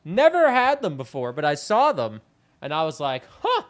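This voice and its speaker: A young man chats casually on a live game stream, wandering from topic to topic with a self-mocking edge and casual swearing. His voice sits a little higher than most men's. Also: wildly swooping pitch, moderate pace. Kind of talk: casual live-stream chat while gaming.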